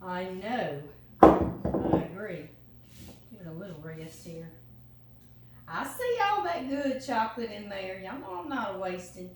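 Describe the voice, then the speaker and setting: A woman's voice: mid-range voice, big pitch swings, a little slow, pauses often. A woman from Louisiana with a Southern accent, chatting folksily to her viewers as she cooks in her home kitchen. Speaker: home cooking vlogger. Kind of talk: casual kitchen chat. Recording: roomy kitchen, mic at a distance, noisy.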